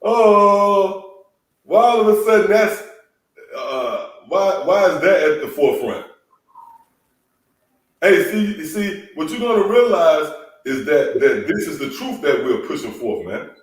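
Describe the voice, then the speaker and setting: A man preaching through a scripture lesson with emphatic calls and a slightly high voice. He is heard from a distance in a very echoey room. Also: big pitch swings, takes it slowly, pauses often. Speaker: teacher leading a scripture lesson.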